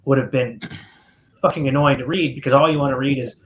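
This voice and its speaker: A man's voice: medium pitch, steady tone, a little fast, phone-quality sound, slight background noise. Blunt, sarcastic man co-hosting. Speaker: podcast co-host. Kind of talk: casual group discussion.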